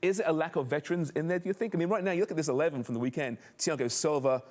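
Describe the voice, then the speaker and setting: A man's voice: a little high, racing, a little mellow. A man hosting a sports talk show, leading the panel with conversational questions. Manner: conversational, steers the discussion with questions. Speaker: host.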